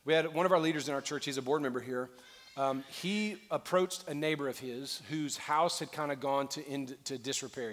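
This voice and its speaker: A male pastor preaching a sermon, telling a story with earnestness and building to a fervent call to action. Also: medium pitch. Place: large church auditorium. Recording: long reverb in a large hall.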